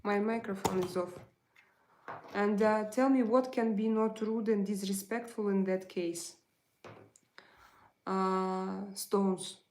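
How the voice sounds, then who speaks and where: A woman, chatting frankly on a live stream and answering viewer comments, halting often to restart her sentences. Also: mid-range voice, fairly even intonation, a little mellow. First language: Russian.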